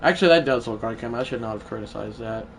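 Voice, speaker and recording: A man livestreaming a baseball video game, chatting to viewers and shouting when big hits land. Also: medium pitch, fast, vocal fry, a little hiss or hum. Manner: excitable, swings from mumbled asides to shouted play calls. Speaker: gaming livestreamer. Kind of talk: live gameplay commentary.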